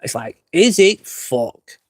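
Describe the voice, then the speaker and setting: An English vlogger, slightly tipsy, hosts a live stream outdoors by a fire pit at a glamping site, reading viewer comments aloud and launching into profane, meandering rants. His voice sits high and sing-song, he speaks slowly, and there's no room sound.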